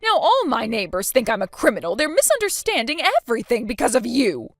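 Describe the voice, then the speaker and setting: In a dry, studio-quality recording, a woman voices a scheming, spiteful elderly grandmother for a texting story. Her a-little-high, sing-song voice moves a little fast, sounding indignant, defensive, and full of self-pity.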